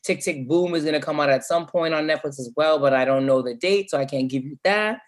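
A man's voice: on the high side, fairly quick. A man who is a guest on a podcast, chatting casually in a playful, camp way.

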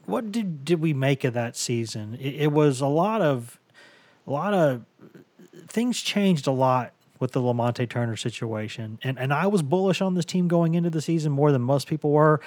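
A man hosting a casual sports podcast from his home office, hoarse and rambling with stammering restarts. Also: medium pitch, moderate pace, darkish tone, dry recording. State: hoarse from bronchitis. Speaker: podcast host.

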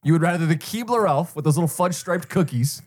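A man's voice: a little high, lively intonation, fast, a little mellow. Teasing male betting podcast co-host. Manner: teasing, laughs often, lays out picks in an orderly way. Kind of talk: casual sports betting chat.

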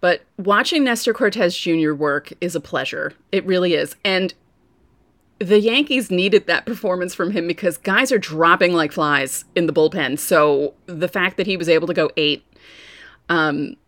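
A woman co-hosting a casual sports podcast, telling stories with lively asides. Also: on the low side, moderate pace, no echo. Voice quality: voice prone to going hoarse. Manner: chatty storyteller, lively asides. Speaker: podcast co-host.

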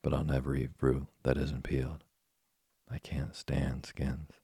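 A man's voice: a bass voice, level tone, a little slow, warm tone, no room sound, clean studio sound, exaggerated voice. A man voicing a hungry, spoiled wooden boy puppet in a storybook reading, whimpering and petulant. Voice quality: gravelly, husky.

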